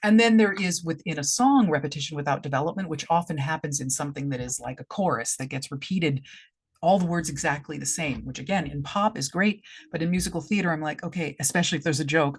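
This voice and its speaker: A woman's voice: low voice, fairly quick, breathy edge. A middle-aged woman, a director giving feedback in a vlog, talking through her points with frequent restarts and tapping out beats aloud. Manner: restarts and demonstrates stresses aloud. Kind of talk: explanatory vlog talk.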